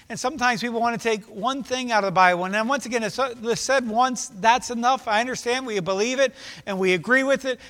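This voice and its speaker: High-voiced preacher in a reverberant hall. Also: male voice, a little fast, a bit bright. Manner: earnest, repetitive preaching cadence that swells and drops. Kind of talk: sermon.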